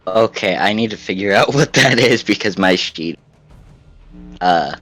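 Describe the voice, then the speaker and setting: Slow-talking man player in a tabletop game. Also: on the low side, lively intonation, a bit bright, faint music behind. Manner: unsure, asking questions.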